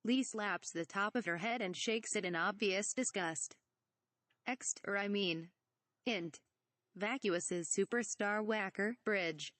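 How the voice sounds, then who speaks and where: A woman reads a homemade parody script aloud, calling out the stage directions in a plain, even voice. Her voice sits at a middle pitch, and the recording is dry and close with no room sound. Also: slow, dry recording. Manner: reads stage directions plainly, says asterisk for bleeped words. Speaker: reader.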